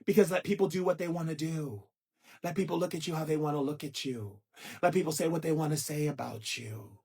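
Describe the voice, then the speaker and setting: A man giving a live spiritual talk, playful and theatrical, with sudden jumps in pitch and drawn-out chanted phrases. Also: darkish tone, breathy edge. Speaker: spiritual teacher.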